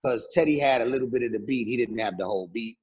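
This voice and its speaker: A middle-aged man, a rapper, telling an animated story as an interview guest, acting out quotes and humming beats. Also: medium pitch, fast, slightly rough. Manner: lively, acts out quotes, hums beats and sings snippets.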